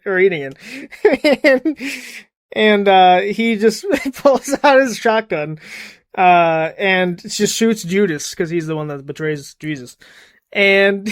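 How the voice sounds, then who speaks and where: High-voiced laughing podcast guy. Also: no echo, clean studio sound. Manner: laughs through his own stories. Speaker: podcast co-host. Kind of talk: casual chat.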